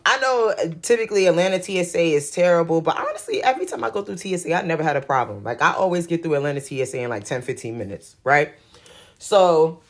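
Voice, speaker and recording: Slangy young woman telling a story. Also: fairly low pitch. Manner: animated, slangy, addresses viewers as y'all. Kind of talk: casual storytime vlog.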